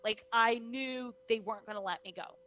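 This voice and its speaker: Bright-voiced animated young woman storyteller. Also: on the high side, moderate pace, muffled recording, slight background noise. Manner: lively, acts out voices in her stories, many "like"s. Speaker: guest, professional wrestler.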